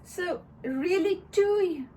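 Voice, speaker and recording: Slow, high-voiced woman. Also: warm tone, slight background noise. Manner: chatty, enthusiastic, laughs often, searches for words. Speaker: craft vlogger. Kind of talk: casual show-and-tell.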